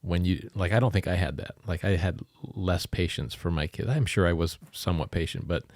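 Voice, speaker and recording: An older man hosting as a therapist, calm and attentive, with short affirmations. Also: low-pitched, fairly quick, dry recording, studio quality. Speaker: therapist host. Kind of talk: conversational interview.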